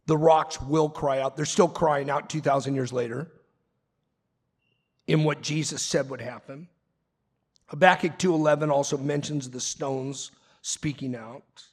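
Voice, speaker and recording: A man preaching a sermon as pastor, animated and quick with asides and acted-out quotes. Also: a little high, breathy edge. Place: church sanctuary. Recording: long reverb of a large hall.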